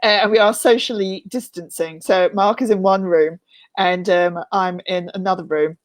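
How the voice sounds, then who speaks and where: A woman's voice: medium pitch, fairly even intonation, normal speed. A woman co-hosting a casual video podcast from a room in a mountain house, playful and teasing. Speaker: podcast co-host.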